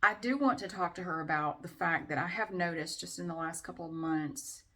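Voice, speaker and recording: A woman's voice: fairly low pitch, brisk, a bit bright. A middle-aged woman vlogging in a casual, chatty way with frequent fillers. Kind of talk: casual chat to camera.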